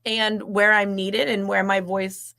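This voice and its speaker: A woman's voice: mid-range voice, flat delivery, slow, vocal fry, pushed and bright. A woman guest on a podcast, talking candidly in casual chat with jokes and laughs. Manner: candid, jokey, fillers and laughs.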